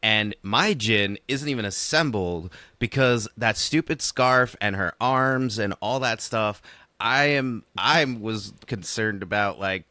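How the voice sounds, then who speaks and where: Male co-host, very low voice, dry close-miked sound, sarcastic casual banter. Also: slow pace, pushed and bright, dry recording. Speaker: podcast co-host. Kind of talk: casual chat.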